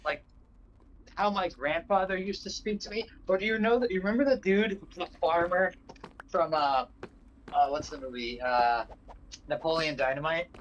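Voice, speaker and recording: A man's voice: a little high, moderate pace. A man from New England chatting casually on a gaming livestream, rambling with lots of fillers and restarts. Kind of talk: casual chat. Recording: dull lo-fi mic with faint noise.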